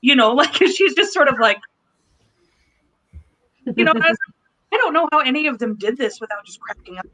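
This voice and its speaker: A woman's voice: high-pitched, expressive, moderate pace, long pauses, fairly bright tone, low-quality recording. A woman in a casual fan discussion, talking in a gushing, rambling way. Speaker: podcast panelist.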